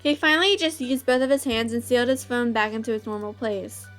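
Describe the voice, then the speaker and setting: A woman's voice: fairly high pitch, fairly quick, fairly bright tone, soft background music. A woman host reading a visual novel aloud, breaking off into giggly, gushing asides.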